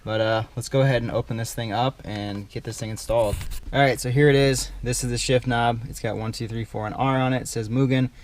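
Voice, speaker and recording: A young man hosting a car build vlog, calmly explaining his work as he goes in a home garage. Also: mid-range voice, fairly quick. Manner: laid-back, chatty, explains as he works. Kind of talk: casual garage vlog walkthrough.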